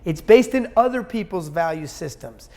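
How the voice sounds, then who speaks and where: A man's voice: sits high, lively intonation, normal speed, a little mellow. A man talking as an interview guest, blunt and emphatic, swearing freely and rambling with many restarts. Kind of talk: casual conversational interview.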